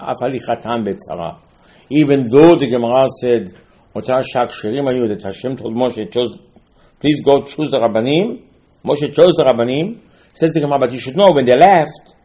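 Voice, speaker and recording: Man, rabbi lecturing, mellow warm tone, animated storytelling, rhetorical questions, halting restarts. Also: mid-range voice. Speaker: rabbi teaching Talmud. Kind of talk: informal Torah lecture.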